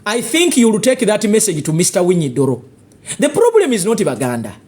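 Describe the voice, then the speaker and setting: A Ugandan-accented voice delivers a live political commentary with a confrontational edge. The tone is husky, and the pitch swings widely as the speaker fires off rhetorical questions and stern warnings. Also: huge pitch swings, a little fast, darkish tone.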